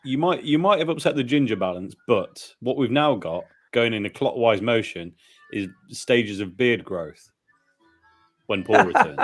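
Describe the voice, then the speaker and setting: A man's voice: mid-range voice, very animated, moderate pace, fairly bright tone, slightly rough, faint music behind. A man hosting a casual chat, wry and teasing.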